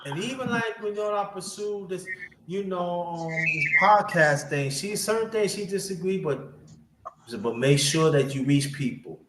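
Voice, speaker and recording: A high-pitched man hosts a casual livestream chat at a moderate pace. He rambles with many fillers and restarts, and the room is echoey with background noise.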